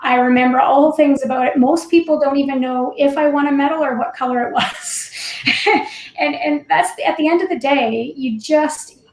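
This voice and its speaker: Woman, middle-aged, former curler, high voice, reflective, roomy echoey sound. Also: normal speed, darkish tone, a little hiss or hum. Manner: thoughtful, candid, laughs easily. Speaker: former Olympic curler, panel guest. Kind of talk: reflective panel discussion. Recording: roomy echo.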